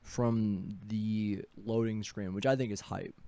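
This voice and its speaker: Young man, tipsy, rambling podcast co-host, smooth voice, dry close sound. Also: lowish voice, fairly even intonation, dark tone, dry recording. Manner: rambling, swearing, halting restarts. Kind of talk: casual chat.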